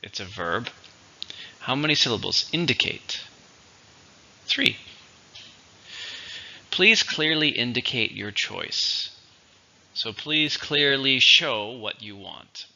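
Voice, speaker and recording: A man teaching English vocabulary in a slow, patient, explanatory way. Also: mid-range voice, expressive, vocal fry, bright, forceful tone. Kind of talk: vocabulary lesson. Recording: dull lo-fi recording.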